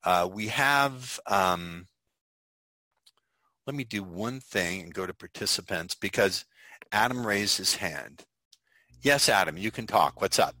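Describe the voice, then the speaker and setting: A middle-aged man leads an online sales webinar in a low, forceful voice. He is emphatic and loves to repeat his points several times. The sound is close and dry, like a video call. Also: lively intonation, takes it slowly, pauses often, dry recording, poor audio. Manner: emphatic and repetitive, drills phrases. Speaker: sales trainer.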